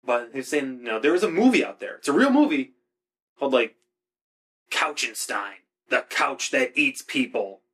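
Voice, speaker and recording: A man's voice: medium pitch, animated, normal speed, a bit bright, breathy edge. A man chatting casually with a friend, laid-back, swearing freely and using many fillers. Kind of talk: casual podcast chat.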